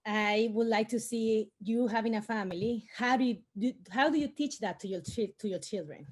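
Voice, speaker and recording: A woman's voice: a little high, moderate pace, a little mellow. A woman from the audience joining live to ask a question, grateful and effusive. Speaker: audience member asking a question.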